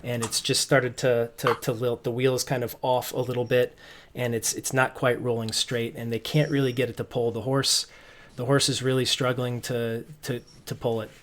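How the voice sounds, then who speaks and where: A man narrating as game master, relaxed and rambling with many restarts. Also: mid-range voice, moderate pace, slight background noise.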